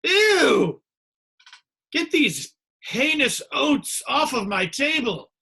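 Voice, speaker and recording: A man putting on a shrill, appalled cereal snob. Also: very animated, extremely slow, creaky, bright, forceful tone, full character voice. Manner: theatrical outrage. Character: disgusted fussy adult appalled by cereal.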